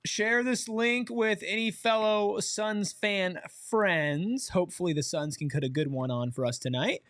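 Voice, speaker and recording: A man hosting a live game watch-along, reacting to plays and reading viewer chat aloud with excitable energy. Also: sits high, unhurried, dry recording, studio quality. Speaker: watch-along show host.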